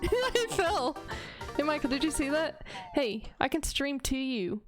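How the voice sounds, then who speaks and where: Woman streamer, high voice, bouncy pitch, playful teasing, laughs a lot, game music behind. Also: big pitch swings, measured pace. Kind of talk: casual live-stream chat.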